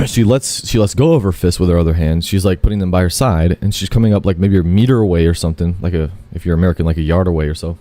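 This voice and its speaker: A man's voice: low-pitched, quick pace, few pauses, mellow, dry recording. A man telling a long, rambling first-person story, full of fillers, self-corrections and casual swearing.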